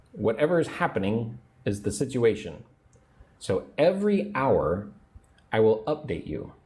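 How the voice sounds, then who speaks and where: Slow, patient teacher man. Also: mid-range voice, a little mellow. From United States. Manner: slow, patient, repeats phrases for learners. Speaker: English teacher. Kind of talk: livestream English lesson.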